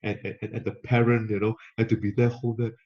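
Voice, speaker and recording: Coaching his audience on camera, a motivational speaker with a lowish, level voice talks at a quick pace and repeats key phrases to drive them home. The recording is lo-fi and slightly muffled.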